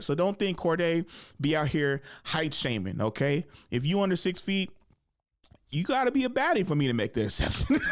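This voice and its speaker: A man with a slightly high voice laughs often as he tells comic stories in a casual solo monologue. A podcast host and comedian, he tells them with animated energy and acts out the voices.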